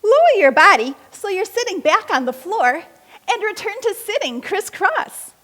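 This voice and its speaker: A woman leading a kids' yoga class, giving slow, encouraging step-by-step instructions between story readings. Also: very high voice, sing-song, sharp tone. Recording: long hall reverb.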